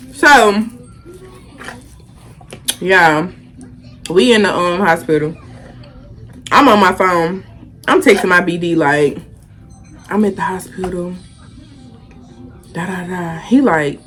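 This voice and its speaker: A woman's voice: medium pitch, slow pace, pauses often, faint music behind. A young woman, telling a casual storytime and animatedly acting out the quotes. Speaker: vlogger.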